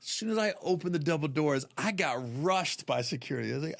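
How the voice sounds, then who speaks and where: A male comedian tells a story in a loose, casual chat. His voice sits a touch high, and he jumps into the voices of the people in his tale as he goes. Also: expressive, fairly quick, creaky, few pauses, a bit bright.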